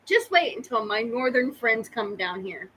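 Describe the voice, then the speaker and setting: High-voiced woman, teasing podcast chat. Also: sing-song, normal speed, fairly bright tone, slight background noise, rough recording. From Oklahoma. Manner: teasing, laughs often. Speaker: podcast co-host. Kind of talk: casual live chat.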